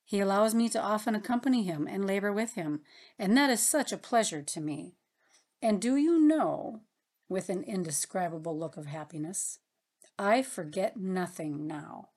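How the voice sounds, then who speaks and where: A woman reading a story aloud as narrator, in a gentle, earnest manner. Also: medium pitch, expressive, moderate pace. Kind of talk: audiobook narration.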